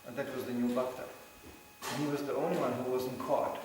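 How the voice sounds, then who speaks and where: A man giving a religious talk, telling anecdotes with lively storytelling and acting out the voices of people he quotes. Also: mid-range voice, fairly quick, background noise. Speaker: devotional speaker. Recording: very echoey hall, mic far off.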